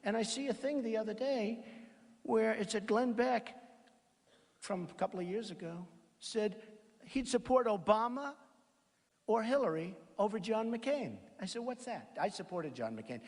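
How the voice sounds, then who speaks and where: A man's voice: high-pitched, lively intonation, measured pace, darkish tone. A man giving a campaign rally speech, rambling, boastful and repetitive, into a podium microphone. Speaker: political candidate. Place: large hall at a college event. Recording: echoey reverb of a large hall.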